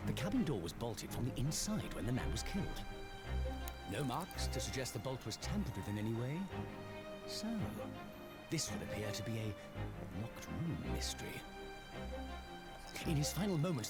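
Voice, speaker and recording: A man voicing a pompous, theatrical British gentleman detective in a fan dub of a game. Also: mid-range voice, very animated, moderate pace, pauses often. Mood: deducing. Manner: grand, theatrical and self-assured. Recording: backing music playing loudly.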